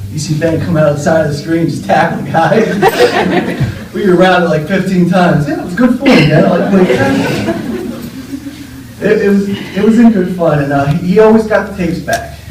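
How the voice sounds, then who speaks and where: At a memorial gathering, a young man gives an informal eulogy full of fond, rambling stories, fillers and laughter. His voice is a little high with a darkish tone. The room is echoey, he stands far from the mic, and there's faint noise.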